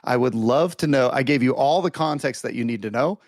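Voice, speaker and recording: A man's voice: medium pitch, fairly quick, no echo. Chatty man with a dry close sound. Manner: animated storyteller, many fillers and restarts. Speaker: podcast guest. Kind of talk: casual chat.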